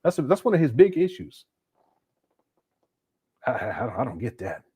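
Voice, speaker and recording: A man's voice: mid-range voice, very animated, moderate pace, warm tone, husky, dry recording. A man hosting a livestream, giving blunt, critical commentary and answering viewer chats, often restarting his sentences. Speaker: host.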